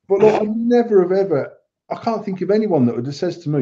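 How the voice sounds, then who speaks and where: A man's voice: sits high, lively intonation, fast, dark tone. A middle-aged man, co-hosting a podcast in blunt, sweary, rambling banter. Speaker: podcast co-host, vape shop owner. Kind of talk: casual banter. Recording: dull lo-fi sound.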